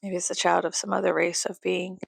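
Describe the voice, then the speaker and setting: A woman's voice: on the low side, level tone, fairly quick, gravelly, husky, no room sound. A young woman rambling in a casual vlog, swearing and laughing often, close to her mic. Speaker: YouTuber.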